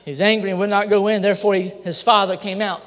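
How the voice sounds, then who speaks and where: High-voiced man preaching in a hall. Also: flat delivery, quick pace. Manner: emphatic preaching, climbs into shouted repetitions. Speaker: pastor. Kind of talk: sermon. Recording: long hall reverb.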